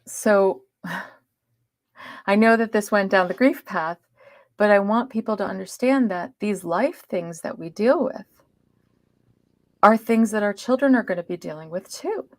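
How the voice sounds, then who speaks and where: A woman speaking as a podcast guest, telling a personal story in an earnest way, swinging between loud emphasis and hushed asides. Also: mid-range voice, a little slow, long pauses, dry recording, clean studio sound.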